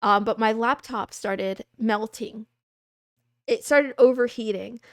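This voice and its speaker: A young woman hosting a casual livestream, chatting and answering viewer questions in a soft, rambling, self-deprecating way. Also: fairly high pitch, slow pace, no echo, studio quality.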